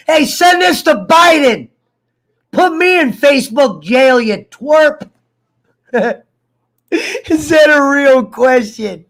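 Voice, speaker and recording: A man's voice: very high-pitched, animated, very slow, creaky, long pauses, fairly bright tone. A sick man drawls through a loose, profane chat with his viewers. He laughs at his own jokes and keeps breaking off to cough, taking his time over every line. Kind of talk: casual rambling chat to viewers.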